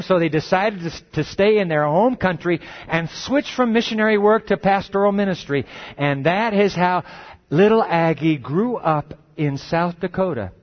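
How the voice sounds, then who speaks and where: A man preaches a sermon, telling a story dramatically and lowering his voice, slow and deep, for emphasis. The recording sounds dull and lo-fi.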